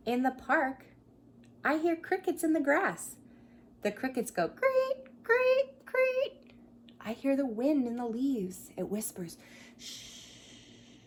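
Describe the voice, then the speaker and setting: Expressive pre-K teacher reading aloud. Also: female voice, a little high, slight background noise. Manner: expressive, acts out animal sounds and invites children to join in; drops to a whisper at quiet moments. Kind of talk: picture book read-aloud for young children. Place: her home, by a coffee table.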